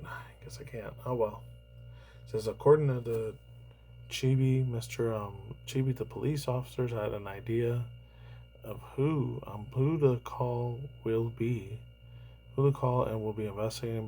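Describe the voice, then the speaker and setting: A man in his thirties talks through casual news commentary in a loose, rambling way, with plenty of swearing and filler words. His voice sits low and has a dark, mellow tone, with a faint hum of noise behind it. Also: low-quality recording. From New York. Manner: rambling, profane, heavy on fillers. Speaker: YouTuber reacting to news.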